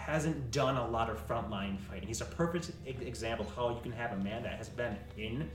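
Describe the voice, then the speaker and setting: A man narrating a tabletop game as game master, animated, stumbling over words and laughing. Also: medium pitch, fairly quick, echoey room, far from the mic.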